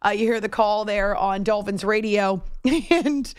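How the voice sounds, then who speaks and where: A woman's voice: medium pitch, measured pace, clear, resonant tone, dry recording, clean studio sound. Chatty woman hosting late-night sports radio. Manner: chatty, self-deprecating, laughs easily. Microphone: studio microphone.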